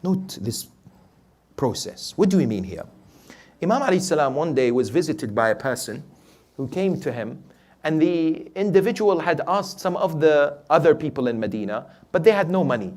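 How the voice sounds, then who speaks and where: A man preaching a night sermon who urges his listeners emphatically, asks them rhetorical questions and drops to quiet storytelling. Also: on the high side, big pitch swings, normal speed. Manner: swings between loud urging and quiet storytelling. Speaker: sheikh, preacher.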